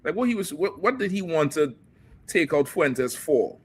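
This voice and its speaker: A man talking casually on a discussion panel, animated, swearing freely and laughing often. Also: on the high side, normal speed, husky. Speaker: show panelist.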